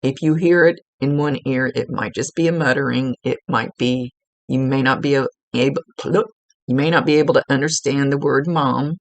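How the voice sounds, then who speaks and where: A psychic medium sits in her chair at home giving an informal, rambling one-on-one reading, full of fillers and restarts. Her voice is a rumbling low with a steady tone and moderate pace, and there's no room sound.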